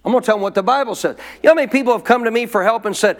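A man's voice: high-pitched, rapid-fire, few pauses. A man preaching a sermon in an emphatic way, repeating his points and calling for amens from the congregation.

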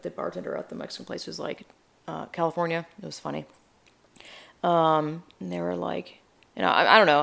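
Gravelly low-voiced woman telling a story. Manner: rambling, chatty, acts out quotes. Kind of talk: casual storytelling.

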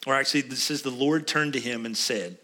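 A man's voice: medium pitch, brisk, bright, forceful tone. A middle-aged man preaching a sermon as a pastor, conversational and often asking his listeners questions. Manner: conversational, asks the congregation questions.

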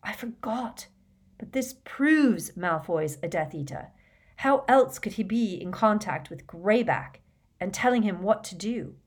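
A woman's voice: medium pitch, expressive, measured pace, voice pushed up. A woman voicing a stubborn, easily exasperated teenage boy wizard in an audiobook. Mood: excited.

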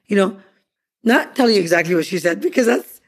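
A woman with a mid-range voice co-hosting a podcast. She tells the story with animated emphasis and insists on getting the exact details right. She is recorded outdoors by a pool. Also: medium pitch, a little fast. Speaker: podcast co-host. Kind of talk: casual storytelling chat.

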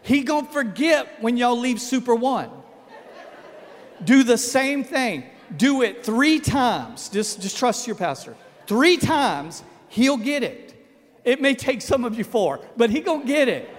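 A man preaching a sermon as pastor, joking and folksy, dropping to a hush for emphasis. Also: extremely high pitch, very animated, a little slow. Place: church sanctuary. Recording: long hall reverb in a sanctuary.

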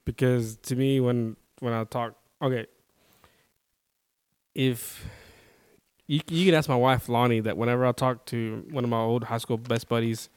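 A man with a Texan accent explaining his point in a measured, casual chat. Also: mid-range voice, steady tone, smooth, no echo.

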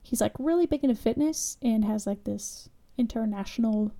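A woman's voice: on the high side, moderate pace, creaky, mellow. A woman co-hosting a podcast, casually and sarcastically recapping a horror movie with lots of fillers. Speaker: podcast co-host.

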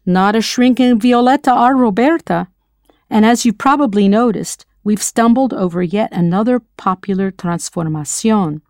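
A woman's voice: mid-range voice, darkish tone, dry recording, studio quality. A woman narrating a scripted audio language lesson, quizzing the listener with playful questions. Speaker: language teacher.

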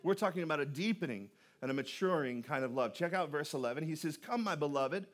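In a church auditorium, a pastor delivers a sermon in a voice that runs noticeably high for a man. He stays relaxed and chatty, tossing in jokes and often restarting sentences with repeated words, all delivered fast and expressively.

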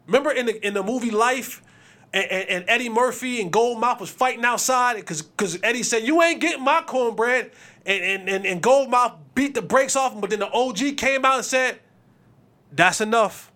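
A man hosting a sports podcast, giving opinionated commentary in an animated, preachy way and acting out quotes. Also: extremely high pitch, brisk.

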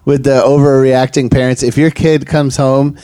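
A man's voice: medium pitch, little pitch movement, moderate pace, dark tone, smooth, no echo. A man and former teacher on a podcast, blunt and joking while giving advice. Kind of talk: casual podcast chat.

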